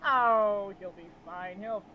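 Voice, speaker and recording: A man's voice: sits high, slow pace, narrow, tinny audio, crowd noise. A man playing a smug, sly ship captain. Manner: smug, teasing, theatrical. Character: sly mocking adult male ship captain.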